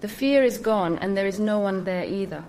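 A woman's voice: medium pitch, normal speed, darkish tone. A woman hosting a spiritual channel, explaining things in a casual monologue with emphatic repetition and awkward phrasing.

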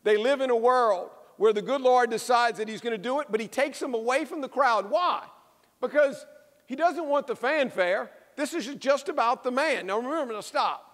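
A man preaching a sermon as a pastor, telling a story with lively emphasis and repeated phrases. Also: extremely high pitch, moderate pace. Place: church. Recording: echoey church hall.

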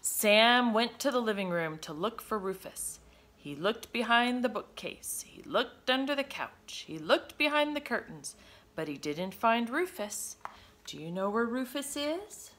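Woman, children's read-aloud, sing-song, lively pitch, fairly high. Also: measured pace, slight background noise. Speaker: storybook reader.

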